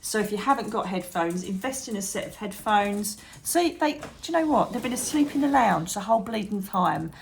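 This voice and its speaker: A woman chatting to camera about meditation as a psychic medium and channel host, animated, calling viewers darling and trailing off mid-thought. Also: medium pitch, brisk, gravelly, hardly any pauses, slight background noise. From England. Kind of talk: chatty advice vlog to camera.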